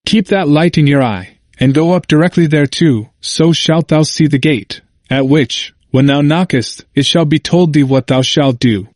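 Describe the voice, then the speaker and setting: A man voicing a calm, firm male guide who speaks in solemn, directing tones. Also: on the high side, moderate pace, hardly any pauses, dry recording, clean studio sound, close to an everyday voice. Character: guiding male preacher figure, calm and firm.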